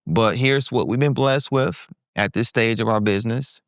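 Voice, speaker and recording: A man's voice: mid-range voice, normal speed, dry recording, clean studio sound. A man in his forties speaking as a guest entrepreneur, telling a candid story in a podcast conversation and acting out the voices he quotes. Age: 40s. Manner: animated, acts out quoted voices.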